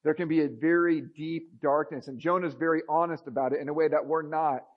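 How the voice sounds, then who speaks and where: Expressive male preacher, muffled sound. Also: a little high, brisk. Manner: expressive, rising and dropping to a near hush. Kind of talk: sermon.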